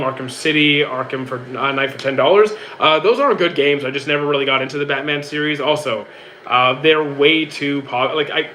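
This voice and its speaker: A man's voice: fairly high pitch, pushed and bright, a little hiss or hum, poor audio. A young man from Canada, a streamer casually answering chat questions in an easygoing, rambling way with many restarts.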